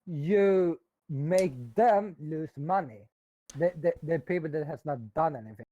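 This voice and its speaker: A man's voice: on the high side, unhurried, no echo. A man co-hosting a live stream, chatting casually about games, hesitant and restarting phrases while pushing back on points. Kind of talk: casual gaming chat. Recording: dull, dry lo-fi mic.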